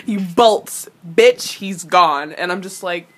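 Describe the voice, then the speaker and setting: A woman's voice: fairly low pitch, slow pace. A young woman giving casual reaction commentary on a TV episode, ranting animatedly and swearing freely. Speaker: reaction video host.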